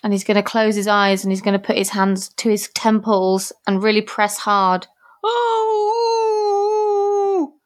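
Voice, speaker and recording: A woman playing a tabletop game who describes her goblin's actions in a quick, casual way. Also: medium pitch, little pitch movement. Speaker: player.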